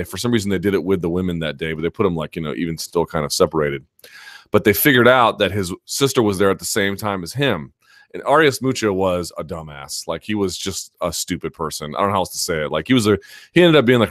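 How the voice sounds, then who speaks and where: Male chat-show host, lowish voice, casual and rambling, dry recording. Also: dry recording. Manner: rambling storyteller, many fillers and restarts.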